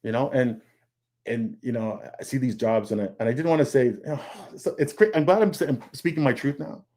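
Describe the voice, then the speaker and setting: A man with a dark, mid-range voice joins a video call panel as a comic artist guest and speaks fairly quickly. His talk is earnest and confessional, with repeated words and quotes of his own thoughts.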